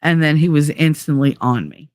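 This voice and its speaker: A woman's voice: deep voice, normal speed, a little mellow, no room sound, clean studio sound. A woman host telling a personal story in a casual, chatty way, filling her talk with "like" and acting out what other people said. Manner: chatty, heavy use of "like", acts out others' lines. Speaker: podcast host.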